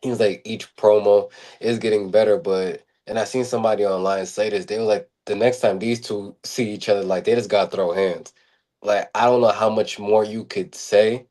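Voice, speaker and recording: A man's voice: on the low side, steady tone, moderate pace, a little mellow. A man co-hosting a podcast, chatting casually, rambling with lots of fillers and repeated words. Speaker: podcast co-host. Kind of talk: casual chat.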